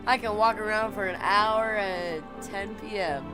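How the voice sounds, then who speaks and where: A young woman chatting casually with viewers, blunt and swearing, laughing often, cooing softly at her dogs. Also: medium pitch, measured pace, hardly any pauses, over music. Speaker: streamer.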